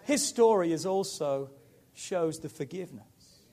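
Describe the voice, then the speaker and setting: Pastor, male, high-pitched voice, emphatic sermon delivery. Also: lively intonation, measured pace. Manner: emphatic, building to loud preaching.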